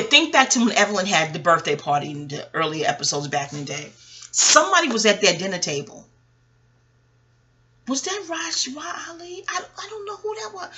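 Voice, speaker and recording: Woman, podcast host, astrologer, casual chat, rambling, profane, bright voice, mid pitch.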